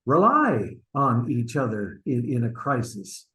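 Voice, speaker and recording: This acting student, on a video call, acts out an online stage scene as a flustered husband covering up an affair, pressing his friend in a stammering, sheepish way. He has a mid-range, fairly bright voice with big pitch swings and a slightly slow pace, heard through poor audio.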